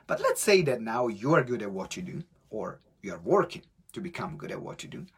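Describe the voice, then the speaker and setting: A man's voice: lowish voice, fairly quick, creaky, slightly rough. A man with an Italian accent, hosting a motivational live stream as a business coach, telling stories energetically and acting out quotes. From Italy. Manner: energetic, animated storytelling with acted-out quotes.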